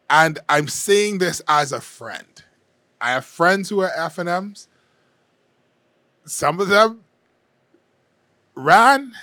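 A man talks through his opinions in a candid, conversational way, hedging as he goes. His voice sits a little higher than most men's. The recording is dry and close, with no room sound. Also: pushed and bright, no echo. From Bahamas. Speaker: political commentator. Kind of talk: casual opinion monologue.

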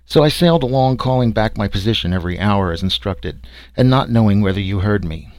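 A man's voice: fairly low pitch, expressive, brisk, darkish tone, dry recording, natural voice. A man voicing a wry, sarcastic explorer recounting his trek. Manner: sarcastic, dry storytelling.

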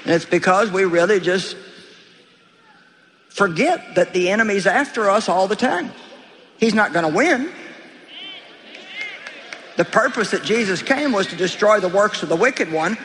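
Forceful woman preacher in echoing hall. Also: medium pitch, lively intonation, unhurried, pauses often, slight background noise. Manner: emphatic, exhorting, direct address. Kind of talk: sermon. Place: large hall with live congregation. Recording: live hall reverb with crowd.

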